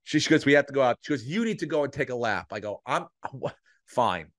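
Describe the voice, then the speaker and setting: A middle-aged man spins a lively anecdote on a podcast, swearing casually and slipping into the voices of the people in his story. His voice sits at an ordinary pitch, and the recording is close and dry with no room sound. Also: rapid-fire, dry recording. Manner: animated, swears freely, acts out voices in anecdotes. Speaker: podcast co-host.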